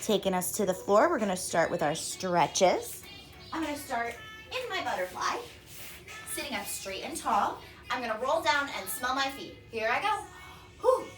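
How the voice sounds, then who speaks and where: A young woman cheerfully counts beats and coaches kids through a dance warm-up from her home workout room, sounding bright and encouraging. Her voice is on the high side with big pitch swings, at a normal speed. The camera sits across the room, so the sound is distant and echoey, with music playing.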